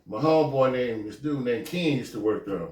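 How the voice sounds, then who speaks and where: A man hosting a podcast, telling a story casually, with animated, profane delivery, acting out the quoted lines. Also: medium pitch, normal speed, slight background noise. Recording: echoey room, mic at a distance.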